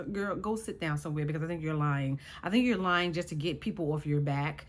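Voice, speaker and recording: A woman's voice: fairly low pitch, fast, few pauses, a bit bright. A woman recapping a reality show in casual chat, sassy and exasperated as she talks to her viewers.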